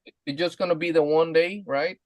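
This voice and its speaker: A man hosting a live stream show, chatting eagerly with a guest, laughing often and filling pauses with "uh" and "man". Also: on the high side, fairly even intonation, no echo. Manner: enthusiastic, laughing, many fillers. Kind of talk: casual live-stream interview.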